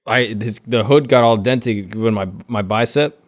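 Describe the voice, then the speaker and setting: A man on a comedy podcast who tells his side of a story in an animated, defensive way and laughs often. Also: fairly low pitch, measured pace. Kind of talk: casual comedy chat.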